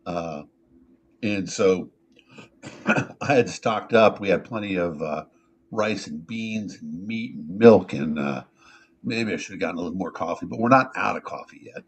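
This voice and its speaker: A man's voice: sits low, measured pace, a little hiss or hum. A man hosting a casual talk show, telling stories in a rambling way full of fillers and restarts. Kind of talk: casual chat, storytelling.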